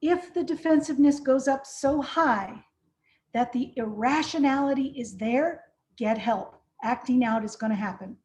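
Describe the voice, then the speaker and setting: A woman's voice: high voice, normal speed, darkish tone. A woman presenting a training session, practical and direct, often checking in with "right?". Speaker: conference trainer.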